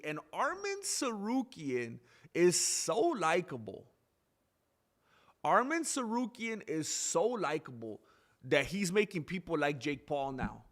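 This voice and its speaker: A man's voice: on the high side, fairly bright tone. A man hosting a live stream in casual chat, rambling, reading viewer names aloud and correcting himself as he goes.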